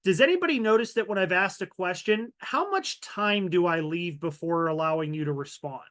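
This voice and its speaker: High-voiced animated man presenting a webinar. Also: normal speed. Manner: animated, varies loudness and pace for emphasis. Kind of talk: virtual training talk.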